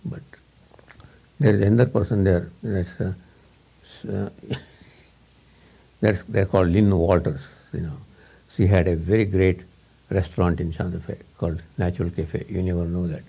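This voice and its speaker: A man with a low, gravelly voice gives an informal spiritual talk to students. He speaks in English, his second language. He rambles, repeats words and chuckles between thoughts. The tone is mellow and a little husky. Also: fairly even intonation, moderate pace, long pauses. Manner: rambling, repetitive, chuckles often. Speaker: spiritual teacher.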